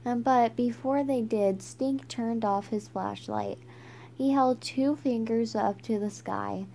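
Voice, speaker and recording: A woman reading a children's book aloud, halting and stumbling with frequent restarts. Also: on the high side, sing-song, warm tone, a little hiss or hum. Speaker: reader.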